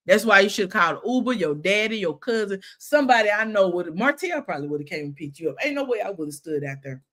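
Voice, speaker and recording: A woman with a Southern American accent hosting a casual review chat, animated and laughing often, full of slang. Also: medium pitch, fast. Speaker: reality show review host.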